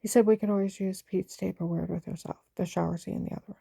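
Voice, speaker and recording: Gravelly, husky woman telling her story. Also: mid-range voice, fairly even intonation, quick pace, warm tone, dry recording. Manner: agitated, rambling retelling that acts out others' lines. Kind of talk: personal spoken account.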